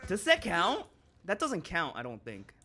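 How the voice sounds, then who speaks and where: A man's voice: high voice, huge pitch swings, measured pace, bright, forceful tone, a little hiss or hum. A man streaming a video game, chatting casually and joking, laughing often and tossing in Spanish exclamations. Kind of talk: casual chat while gaming.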